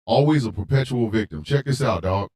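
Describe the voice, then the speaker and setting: A man hosting a radio show, delivering a heated monologue with emphatic repetition and occasional shouting. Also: medium pitch, animated, brisk. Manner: emphatic, repeats lines for force; rants, at times shouting.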